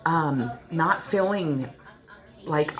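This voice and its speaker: A woman's voice: sits low, expressive, drawn-out words, rough recording. A woman in her forties talking to her subscribers in an emotional, rambling personal vlog, often repeating herself. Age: 40s. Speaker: spiritual channel host.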